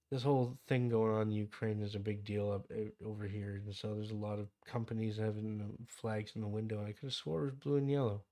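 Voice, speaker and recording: A man's voice: lowish voice, mellow. Rambling Canadian man streaming a game. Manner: rambling, digresses into anecdotes, reads chat aloud. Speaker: livestream host. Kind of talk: casual livestream chat about a game.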